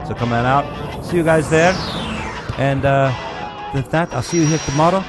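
A man's voice: a little high, moderate pace, music in the background. A man hosting a casual comedy podcast, joking and rambling as he reads out a news story. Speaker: podcast host.

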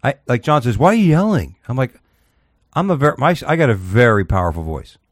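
A man's voice: mid-range voice, brisk, dry recording, studio quality. A man hosting a podcast in casual chat, rambling and profane as he tells stories. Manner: profane, rambling, animated storytelling. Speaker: podcast host.

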